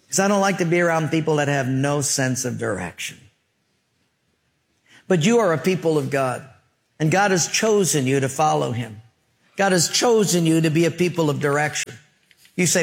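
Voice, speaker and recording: A man's voice: fairly high pitch, normal speed, vocal fry. A man preaching a sermon as a pastor, telling stories in an emphatic, conversational way.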